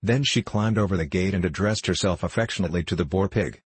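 A man reading a short story aloud in a measured, dryly ironic way. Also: low-pitched, husky, no echo. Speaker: narrator.

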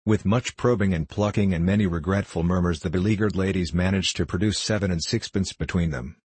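A man reading a short story aloud in a measured, dryly ironic way. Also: sits low, darkish tone, slightly rough, dry recording. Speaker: narrator.

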